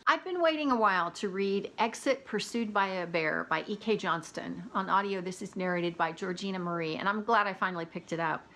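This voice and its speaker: Woman, casual book review chat, opinionated, chatty, laughs often, middle pitch. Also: a little fast, few pauses, fairly bright tone.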